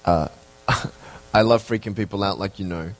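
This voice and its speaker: A man from Australia, preaching as a guest speaker and telling a personal story, his voice leaping high when excited and dropping slow and hushed to make a point.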